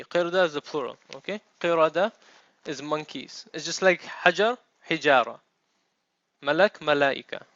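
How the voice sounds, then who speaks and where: The recording here is dry and dull, made in a classroom where a male Arabic teacher lectures. His voice is on the high side and a bit bright as he explains each step and checks in with the students.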